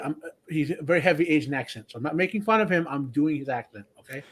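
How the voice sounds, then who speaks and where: A man's voice: on the high side, lively intonation, fast talker, slightly rough. A man with an engineering degree, talking casually on a panel and explaining things with many restarts. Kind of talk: casual chat.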